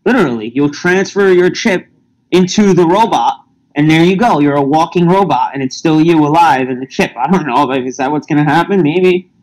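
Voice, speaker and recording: A man's voice: on the high side, fairly quick, a little mellow, rough recording. A man in casual podcast chat, talking in an emphatic, insistent way. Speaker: podcast guest.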